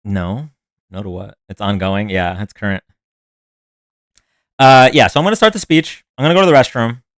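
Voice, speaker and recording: A man's voice: fairly low pitch, normal speed, fairly bright tone, dry recording. A man hosting a live stream in a casual, rambling way, chatting with viewers and reacting to their comments. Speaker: livestream host. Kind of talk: casual livestream chat.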